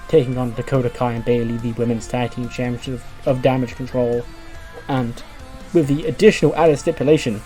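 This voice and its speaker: A man's voice: medium pitch, warm tone. A man casually narrating a wrestling management game, recapping results in a chatty way.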